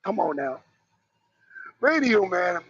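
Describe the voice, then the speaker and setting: High raspy-gravel dude ranting and cussing on a talk stream, dull muffled audio. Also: male voice, sing-song, slow pace, a little hiss or hum. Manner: loud, profane, mocking rants. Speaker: talk show panelist. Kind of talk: heated live-stream commentary. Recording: dull, dry lo-fi sound.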